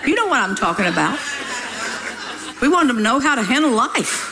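A woman preacher telling a story from the pulpit, lively and teasing, scolding with laughter. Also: a little high, fairly quick, crowd noise, low-quality recording. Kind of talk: sermon storytelling.

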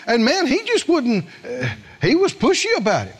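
A male preacher delivers a sermon in a notably high voice. His pitch leaps around as he tells stories, acts out quoted lines and keeps asking the congregation questions. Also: huge pitch swings, normal speed, hardly any pauses, slightly rough. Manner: storytelling with acted quotes, asks the congregation questions. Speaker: pastor.

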